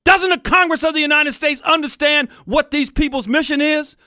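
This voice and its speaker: Angry, bright-voiced talk radio man. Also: extremely high pitch, normal speed, dry recording, clean studio sound. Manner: angry, fired-up ranting, addresses listeners as folks. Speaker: radio talk show host. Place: radio studio.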